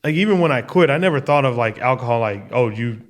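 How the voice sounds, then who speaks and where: A laid-back man chatting casually as a guest. He uses slang and talks candidly about himself. His voice sits at a middle pitch for a man. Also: lively intonation, fast. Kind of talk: casual chat.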